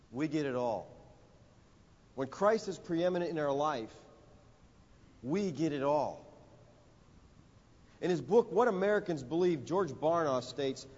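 A man preaching a sermon, telling a story and building to emphatic, rising lines with dramatic pauses. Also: fairly high pitch, a little mellow, husky. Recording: dull audio in a reverberant hall.

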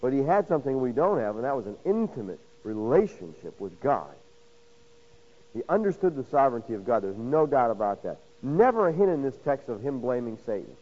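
A man preaching a sermon, swinging from loud emphasis to hushed, intimate lines and acting out quoted voices with rhetorical questions. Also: mid-range voice, sing-song, brisk, dull audio. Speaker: pastor.

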